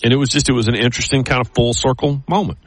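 A man's voice: medium pitch, fairly even intonation, very fast, slightly rough, no echo. A man co-hosting a casual chat, telling stories in a rambling way with many restarts.

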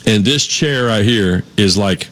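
A man's voice: on the low side, unhurried, fairly bright tone. A man co-hosting a sports talk show in a studio, telling stories and laughing easily. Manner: rambling storyteller, laughs easily.

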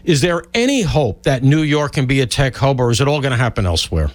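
A man's voice: mid-range voice, lively intonation, fast talker, no room sound. A man hosting a talk radio show, blunt and sarcastic, riffing emphatically on the news. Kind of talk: opinionated talk radio chat.

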